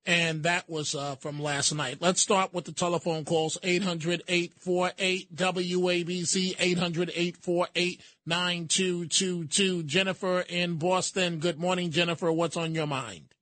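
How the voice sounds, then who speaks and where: A man hosts a talk radio program from a studio. His voice sits a bit high and sounds dry and close. He talks briskly, and his sympathy with callers comes out full of restarts. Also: little pitch movement, bright, forceful tone, dry recording. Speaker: radio talk show host. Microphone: studio mic.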